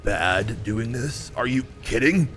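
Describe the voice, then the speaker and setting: A man's voice: medium pitch, animated, slow pace, a bit bright, soft background music, pitched below the performer's own voice. A man voicing a gloating supervillain father who mocks and taunts others in a sneering way. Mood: scornful. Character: gloating male supervillain father, cruel and mocking.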